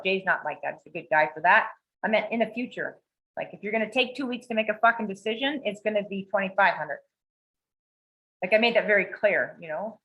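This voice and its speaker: Profane, animated woman telling a story. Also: mid-range voice, poor audio. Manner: profane, animated, acts out quoted dialogue. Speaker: podcast co-host. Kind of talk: casual storytelling chat. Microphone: video call.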